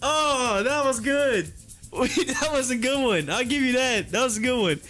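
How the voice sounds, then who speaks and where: A man's voice: very high-pitched, animated, normal speed, sharp tone, faint music behind. A man hosting a live stock-trading stream in casual chat, reading viewers' messages aloud and laughing so hard his eyes water. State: laughing to tears.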